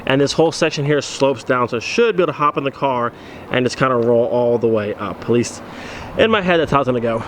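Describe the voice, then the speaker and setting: A man chatting casually to his viewers outdoors as a vlogger, thinking out loud and calling them his friends. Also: medium pitch, fast, slight background noise. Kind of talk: casual vlog chat to camera. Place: outdoors by a car trailer.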